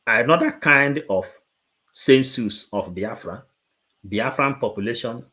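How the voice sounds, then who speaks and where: A man's voice: fairly low pitch, a bit bright. A man preaching to supporters, emphatic and repetitive, moving between English and Igbo. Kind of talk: impassioned preaching.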